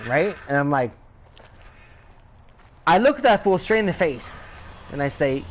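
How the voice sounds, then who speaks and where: A man's voice: a little high, measured pace, pauses often, a little hiss or hum, low-quality recording. A man streaming a game who tells a long, profane story in casual slang, repeating himself and getting worked up as he goes. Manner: repeats himself and builds up heat. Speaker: gaming streamer. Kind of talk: casual storytelling while playing.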